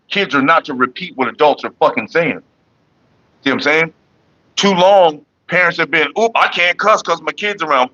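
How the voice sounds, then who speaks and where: A man's voice: fairly high pitch, pushed and bright, dry recording, highs cut off. A middle-aged man hosting a casual livestream, talking bluntly and with lots of swearing straight to his chat viewers. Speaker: livestream host.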